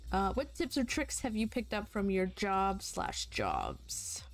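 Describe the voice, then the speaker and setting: A woman's voice: mid-range voice, wildly swooping pitch, takes it slowly, faint music behind. A woman co-hosting a casual chat, asking questions and giving short reactions.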